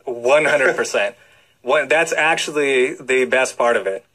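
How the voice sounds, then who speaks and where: A man explains things with eager energy as a radio guest. His speech is loose and full of filler words. The pitch sits in an ordinary middle range for a man. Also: unhurried, pushed and bright, poor audio. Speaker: cardiologist guest. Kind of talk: radio interview.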